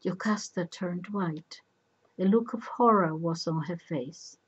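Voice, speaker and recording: A woman narrating a myth in a measured storybook reading. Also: on the low side, slightly rough, highs cut off.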